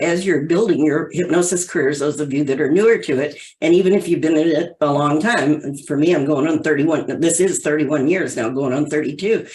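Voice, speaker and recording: A woman in her sixties, a hypnotherapy trainer, talking in a chatty, rambling way with fillers and restarts during an online training session over a video call. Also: low voice.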